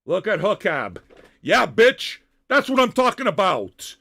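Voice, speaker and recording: An older man hosting a music-reaction livestream, ranting at chat viewers in loud, profane, half-shouted tirades. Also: high voice, very animated, unhurried, vocal fry.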